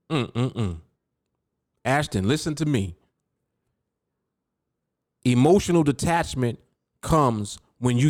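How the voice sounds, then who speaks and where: A man's voice: a little high, darkish tone, no echo, studio quality. A man hosting a podcast as a trading coach, talking emphatically, repeating key words and speaking straight to his listener. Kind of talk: motivational podcast talk.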